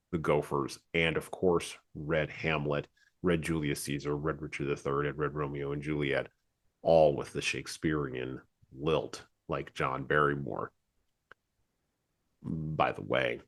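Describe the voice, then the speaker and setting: Very deep, husky male podcast host. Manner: digressive, chatty, many asides. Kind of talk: casual podcast commentary.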